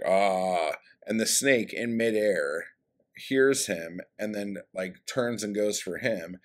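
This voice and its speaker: A man recapping a story in a casual, rambling way, with lots of swearing and fillers, in a room at home. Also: on the low side. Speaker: book vlogger. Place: room at home by a street window.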